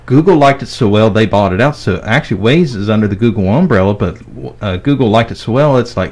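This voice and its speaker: A man's voice: fairly low pitch, expressive, fast talker, hardly any pauses, a little mellow. A man co-hosting a podcast and explaining tech step by step in casual chat. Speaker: podcast co-host.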